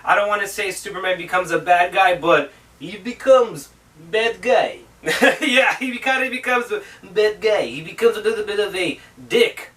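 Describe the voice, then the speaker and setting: A man's voice: high voice, lively intonation, normal speed, sharp tone, far from the mic, slight background noise, low-quality recording. A man hosting his own film review show, talking in a casual, profane, rambling way.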